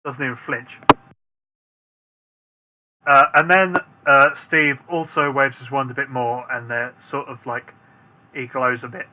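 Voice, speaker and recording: A man narrating a tabletop game as dungeon master, relaxed and hesitant, with many filler sounds. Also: mid-range voice, measured pace, pauses often, phone-quality sound.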